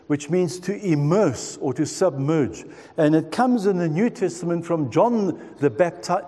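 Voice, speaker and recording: A man's voice: sits high, lively intonation, moderate pace, warm tone, big-room sound. A man in his sixties telling his own story in a sermon, in an earnest tone that speaks straight to the listeners. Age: 60s. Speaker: preacher. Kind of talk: sermon testimony.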